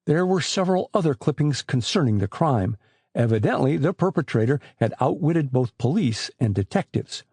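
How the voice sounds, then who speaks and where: A man's voice: mid-range voice, moderate pace, husky, dry recording. A man narrating an adventure novel as an audiobook, telling it expressively. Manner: expressive storytelling.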